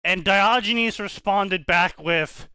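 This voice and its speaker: A man's voice: high voice, slow pace, bright, forceful tone, smooth, no room sound. A man co-hosting a casual stream, talking in a rambling way with lots of restarts. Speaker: co-host of fanfiction commentary stream. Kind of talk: casual debate chat.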